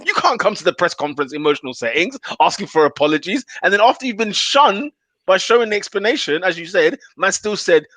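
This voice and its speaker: A man co-hosting a football podcast in casual chat, animated and quick to laugh loudly. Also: high voice, dry recording. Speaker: podcast co-host.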